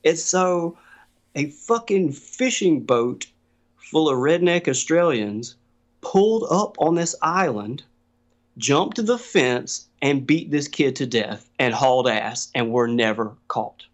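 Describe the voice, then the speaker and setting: A man's voice: mid-range voice, lively intonation, slow pace. A man telling a story in casual chat, swearing freely and laughing often. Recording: dull lo-fi sound.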